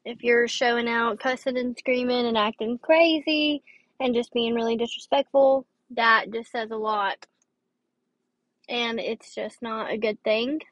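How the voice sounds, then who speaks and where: A woman's voice: on the high side, steady tone, unhurried, fairly bright tone, no room sound, muffled recording. A young woman hosting a casual advice podcast, rambling and tired with a dry throat. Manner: chatty, rambling, with fillers and restarts. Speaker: podcast host.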